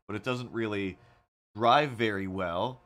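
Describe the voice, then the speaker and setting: Low-voiced man rambling on a livestream. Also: measured pace. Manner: rambling, animated storytelling with many fillers. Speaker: livestream host. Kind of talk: casual livestream chat while drawing.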